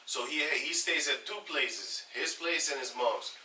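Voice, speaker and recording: Casual man leading a group chat, animated storyteller. Bright, tense voice, picked up from a distance in a roomy space. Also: on the high side, unhurried. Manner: animated storytelling, acts out others' lines. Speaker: group leader. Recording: echoey room from far off, faint noise.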